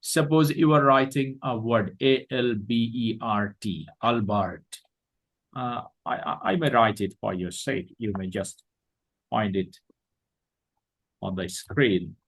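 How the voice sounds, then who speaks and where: A man with a Bangladeshi accent gives a classroom lecture at an unhurried, measured pace. His voice is a little husky, and he goes over each point more than once. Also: fairly low pitch, rough recording. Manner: slow, deliberate, repeats points. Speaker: teacher.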